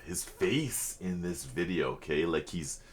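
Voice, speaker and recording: A man's voice: low-pitched, takes it slowly, noisy background. A man hosting a reaction video, talking casually in a rambling, apologetic and earnest way at his home computer setup.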